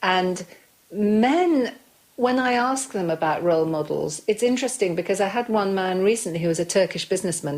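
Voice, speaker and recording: A woman voice coach explaining how voices work in a measured, thoughtful way. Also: on the low side. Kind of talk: explanatory interview talk.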